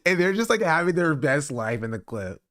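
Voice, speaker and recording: A man's voice: on the high side, big pitch swings, normal speed, a bit bright. A man streaming and reacting to a clip in casual commentary, full of fillers and laughter. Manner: laughing, filler-heavy, mocking.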